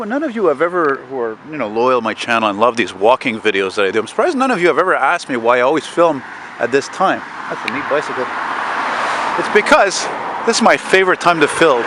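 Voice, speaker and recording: A man narrating a casual walking vlog outdoors, rambling and swearing as he chats to his viewers. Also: medium pitch. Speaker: vlogger. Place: outdoors on a city street at dusk. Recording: street noise and passing cars. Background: street traffic.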